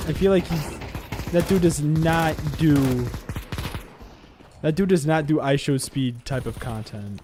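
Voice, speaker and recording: A man streaming a shooter game, rambling to his viewers between sudden excited outbursts. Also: fairly high pitch, a little hiss or hum. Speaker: gaming streamer. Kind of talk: live gameplay commentary chatting to viewers.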